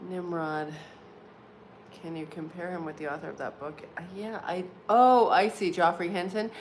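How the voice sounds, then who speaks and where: A woman in her forties speaks at normal speed in a low, steady voice while hosting a livestream from home. Her chat with viewers is casual and full of laughter, along with many fillers like "like" and "um." The background noise is clearly audible.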